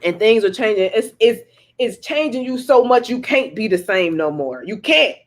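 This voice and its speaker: Background noise runs under this woman's medium-pitched, expressive voice as she talks at normal speed. She's doing an informal tarot reading on a livestream, rambling profanely, laughing frequently, and repeating lines for emphasis.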